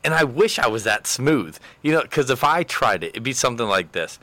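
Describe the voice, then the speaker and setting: A man's voice: medium pitch, very animated, a little fast, bright, forceful tone, no echo. Young man, vlog host, playful and giggly, casual chat. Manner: playful, laughs while telling a joke.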